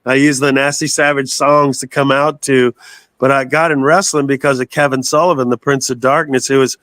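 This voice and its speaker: A man's voice: medium pitch, fairly even intonation, normal speed, fairly bright tone, no echo. A man in his sixties from the United States, a guest telling long rambling stories in a casual interview and swearing freely. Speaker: guest, metal singer.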